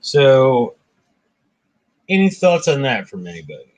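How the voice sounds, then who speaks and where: Guy hosting a book chat, retelling myth stories loose and casual, mid-pitch voice. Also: measured pace. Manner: animated retelling, voicing characters briefly. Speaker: book discussion host.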